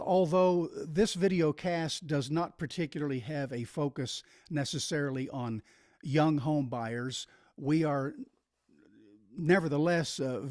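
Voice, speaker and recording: A man's voice: fairly high pitch, darkish tone, no echo, studio quality. A man hosting a videocast, explaining a topic on his own in an emphatic way. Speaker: videocast host. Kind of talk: solo explanatory talk.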